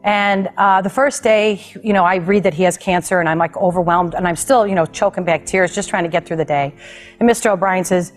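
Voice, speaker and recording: Over soft background music, an American woman talk host with a lowish voice shares a heartfelt personal story with her guest at a brisk pace. She tells it in an animated, emotional way and laughs along the way.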